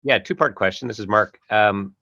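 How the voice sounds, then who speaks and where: A man calling in to ask a question, halting and restarting as he speaks. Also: on the low side, bright, forceful tone. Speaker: caller asking a question. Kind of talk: audience question. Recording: dull phone line.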